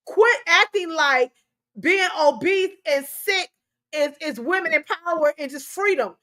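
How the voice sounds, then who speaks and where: A woman's voice: very high-pitched, animated, unhurried, bright, forceful tone. A middle-aged woman hosting a talk show, giving emotional commentary on a news story, preachy and impassioned and repeating herself.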